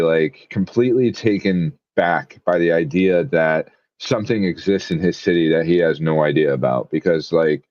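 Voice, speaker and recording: A man with a low voice chatting on a podcast, rambling and eager, full of fillers. The recording is dull and lo-fi with a dry, close sound. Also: a little mellow, no room sound. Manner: rambling, filler-heavy, enthusiastic. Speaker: podcast co-host. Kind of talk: casual chat.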